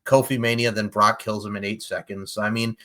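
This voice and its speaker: New york guy hosting a podcast, bright forceful voice, laid back, swears and laughs a lot. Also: on the low side, fairly even intonation, a little fast. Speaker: podcast host. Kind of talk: casual podcast chat.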